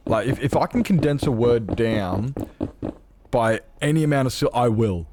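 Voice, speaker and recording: An Australian Minecraft streamer chats casually as he plays, rambling, mocking himself, restarting sentences, and laughing a lot. His mid-range voice is expressive and moderately paced, set against a noisy background.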